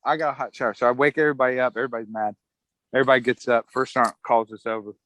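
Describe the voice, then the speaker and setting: A middle-aged man who served in the Army talks very fast in a mid-range voice, casually telling his story during an interview. With a relaxed chuckle, he performs other people's lines; the audio has no echo but is low quality.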